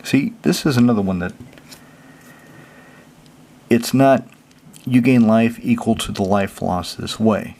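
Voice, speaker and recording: Man, low voice, gravelly fry, casual deck walkthrough, chatty explainer, faint background hiss. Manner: relaxed, chatty, reads card text then explains it plainly. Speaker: channel host.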